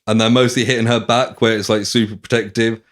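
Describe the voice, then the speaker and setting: Fast and fairly low in pitch, a man hosts a podcast in casual chat, recapping a novel's plot. His animated retelling has him acting out characters' lines, complete with swearing and laughter.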